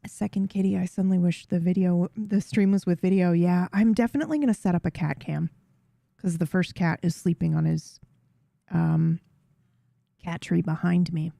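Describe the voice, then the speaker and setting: A woman with a low, gravelly voice chats casually to her livestream viewers. Her tone is mellow, and the sound is close and dry, with no room echo. She wanders between thoughts with small restarts. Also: fairly even intonation, moderate pace. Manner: chatty, greets chat members, rambles with small restarts. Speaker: streamer. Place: home room with a cat tree.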